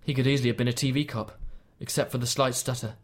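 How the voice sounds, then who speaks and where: A man narrates an audiobook of tense fiction, his mid-range voice steady and measured throughout the scripted reading.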